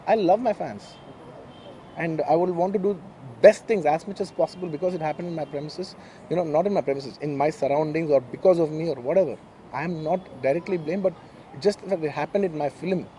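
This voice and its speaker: A man's voice: a little high, mellow, slight background noise. A man with an Indian English accent, a native Telugu speaker, giving an emotional, earnest statement at a press conference as a film actor, often repeating himself.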